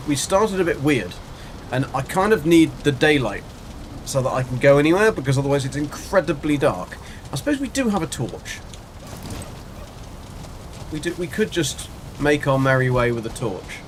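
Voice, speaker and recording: Rambling man streaming a game, noisy audio. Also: mid-range voice. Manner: rambling, chatty, reads and answers chat. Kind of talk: casual live gameplay chat.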